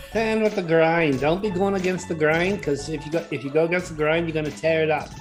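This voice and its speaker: A man's voice: a little high, normal speed, over music, natural voice. A man voicing a folksy old male woodworking show host who lectures in a fussy, instructive drawl.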